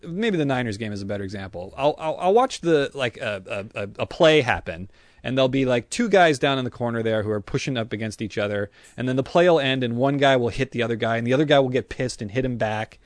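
A man's voice: medium pitch, lively intonation, fast talker, dry recording, clean studio sound. A man in casual podcast chat, self-deprecating and acting out his own grumbling thoughts. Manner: self-deprecating, acts out grumbling inner voices.

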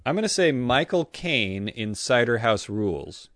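A man's voice: mid-range voice, animated, a little slow, fairly bright tone, dry recording, studio quality. A man co-hosting a podcast in casual chat, rambling with frequent stammers and restarts. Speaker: podcast co-host.

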